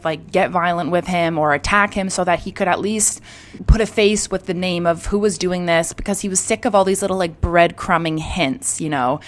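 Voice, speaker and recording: A young woman hosts a true crime channel and walks through the case in a relaxed, conversational way. She fills her sentences with "like" and "you know." Her voice sits a little low for a woman. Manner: chatty, full of "like" and "you know". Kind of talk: casual true crime storytelling.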